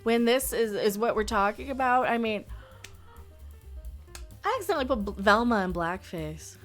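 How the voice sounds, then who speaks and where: A woman with a slightly high voice delivers a blunt, sarcastic commentary rant, rambling and laughing as she goes. Faint music plays underneath her. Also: fairly bright tone. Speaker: channel host.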